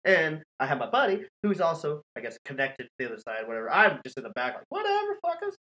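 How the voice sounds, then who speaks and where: Lively, foul-mouthed man spinning a spooky tale. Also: medium pitch, quick pace, low-quality recording. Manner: animated, profane, laughing often. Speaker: podcast host. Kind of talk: casual storytelling chat.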